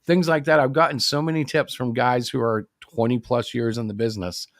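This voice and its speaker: Animated, opinionated man chatting. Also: mid-range voice, brisk, no echo, clean studio sound. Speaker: indie comic creator co-hosting a livestream. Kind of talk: casual chat.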